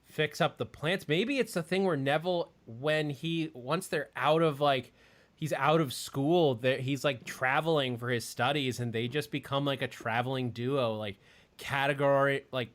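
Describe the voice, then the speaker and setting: A man's voice: medium pitch, normal speed. A man hosting a podcast in casual chat, rambling with many fillers and restarts. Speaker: podcast host.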